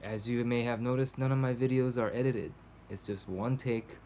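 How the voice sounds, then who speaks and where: A man's voice: mid-range voice, steady tone, normal speed, mellow, slight background noise. A man recording a casual video journal at home, talking to the camera in a rambling, hesitant way, full of fillers and restarts. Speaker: vlogger. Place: cold home indoors.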